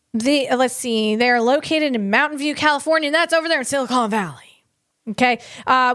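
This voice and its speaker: A woman hosting a comedic tech podcast on her own, bubbly and excitable, rambling with playful asides. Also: on the high side, clear, resonant tone, dry recording, studio quality.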